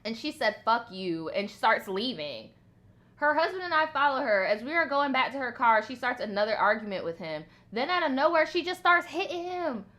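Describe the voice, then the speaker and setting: A woman hosting a storytime channel, reading and reacting in casual, animated, profane commentary. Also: high-pitched, brisk.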